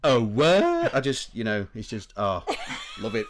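A man's voice: fairly low pitch, moderate pace, heavy background noise. A man chatting on a podcast, laughing often and acting out film lines. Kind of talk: casual podcast chat.

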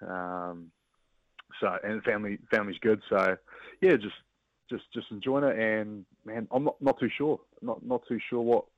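A New Zealand man talks casually down a phone line, his lowish voice relaxed and full of halting restarts. The sound is muffled and dull, with no room around it at all. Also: gravelly, dry recording. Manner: relaxed, halting, many fillers. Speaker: rugby player guest. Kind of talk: casual chat. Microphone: phone call.

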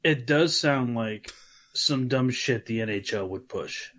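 A man's voice: mid-range voice, lively intonation, measured pace, fairly bright tone. A man co-hosting a sports podcast, adding short, dry remarks. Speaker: podcast co-host. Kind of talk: casual podcast chat.

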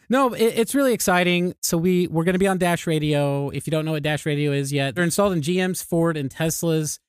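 A man's voice: a little high, a little fast, clear, resonant tone, no echo, clean studio sound. A man co-hosting a podcast, talking casually and upbeat, laughing often and restarting his sentences. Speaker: podcast co-host.

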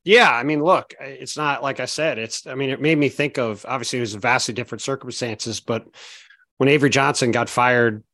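A man in casual podcast conversation about basketball, reasoning out loud with steady, analytical phrasing and frequent "I mean" and "look" restarts. His voice sits at an ordinary middle pitch. The sound is close and dry, with no room echo. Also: fairly quick. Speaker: sports podcast co-host.

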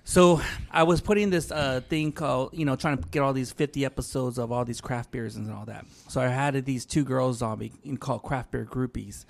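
Man, gravelly voice, animated storyteller, swears a lot, podcast guest. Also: medium pitch, a little fast, hardly any pauses. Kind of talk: casual podcast chat.

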